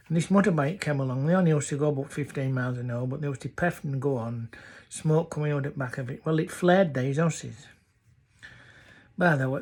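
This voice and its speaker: A man with a North Yorkshire accent telling rambling dialect stories. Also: on the high side. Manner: rambling, chatty. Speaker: dialect storyteller.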